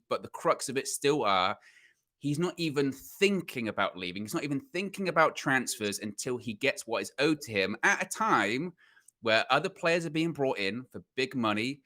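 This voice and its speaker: A man hosting a casual football podcast, reading out news and teasing his co-hosts. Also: mid-range voice. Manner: lively, joking. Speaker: podcast host.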